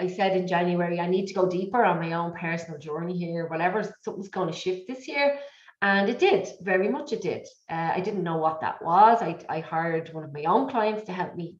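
A middle-aged woman speaking as an interview guest, telling her story in an emotional, repetitive, animated way. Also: fairly low pitch. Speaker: guest, business coach. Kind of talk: candid conversational interview. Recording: echoey, dull lo-fi audio.

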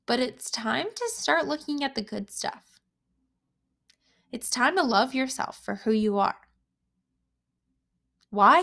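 A young woman speaks as a self-help coach, her voice sitting a little high. She talks emphatically and encouragingly, circling back to repeat her key phrases. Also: expressive, slow pace, creaky, pauses often, a bit bright. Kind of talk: motivational monologue to camera.

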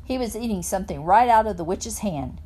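A woman reading a children's novel aloud in a plain, steady narrating voice. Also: mid-range voice, brisk. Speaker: reader.

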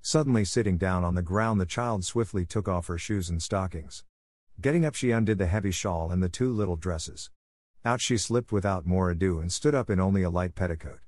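Male audiobook narrator, low register, dry close sound, steady measured storybook reading. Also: dry recording.

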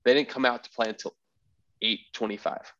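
A man hosting a podcast, telling a story in a rambling, animated way and acting out the people he quotes. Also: mid-range voice, fairly quick, highs cut off, a little hiss or hum. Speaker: podcast host. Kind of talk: casual storytelling chat.

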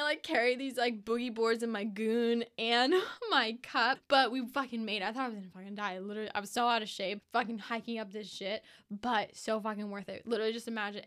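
Profane chatty young woman, smooth voice. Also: a little high, a bit bright. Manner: profane, gushing, lots of "like" fillers. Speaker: vlogger. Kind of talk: casual storytelling.

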